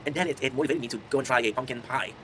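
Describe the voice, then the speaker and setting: A man's voice: medium pitch, racing, a bit bright, slight background noise, low-quality recording. A man in his twenties, a content creator, chatting casually to his viewers and telling rambling stories, laughing often. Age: 20s. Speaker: content creator streaming to chat.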